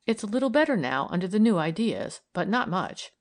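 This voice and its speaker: A woman's voice: mid-range voice, big pitch swings, fairly quick. A woman reading aloud and voicing an earnest, idealistic young woman who argues eagerly and persuasively.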